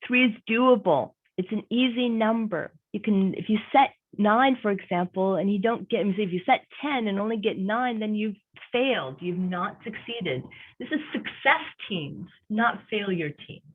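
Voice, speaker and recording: A woman career coach leads an online workshop in a relaxed, conversational way. She leans hard on her main points and repeats them for weight. Her voice comes through a narrow, tinny line, like a phone or a video call. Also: mid-range voice, unhurried, husky.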